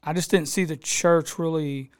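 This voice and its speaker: A man's voice: on the high side, fairly even intonation, normal speed, clean tone. A man, a pastor recounting how he came to plant his church, acting out the people he quotes. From Texas. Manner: storytelling, acts out quoted people, laughs easily. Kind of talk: telling his story in a casual interview.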